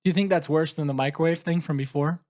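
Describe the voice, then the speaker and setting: A man's voice: on the high side, steady tone, fast, a little mellow, no room sound, studio quality. A man co-hosting a casual podcast, reading a story aloud and then teasing his co-host in joking banter. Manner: reads a story aloud, then teases and jokes. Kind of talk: casual chat.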